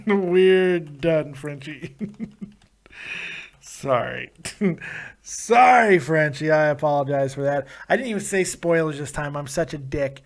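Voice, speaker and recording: A man's voice: a little high, expressive, slow, pauses often. A man hosting a live stream show, loose and joking, laughing often and swearing as he chats with callers and viewers. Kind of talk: casual live-stream chat.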